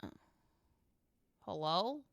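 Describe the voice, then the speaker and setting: Low-energy woman podcast co-host. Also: sing-song, drawn-out words, creaky, fairly bright tone, no echo. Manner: low-energy, joking asides. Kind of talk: casual chat.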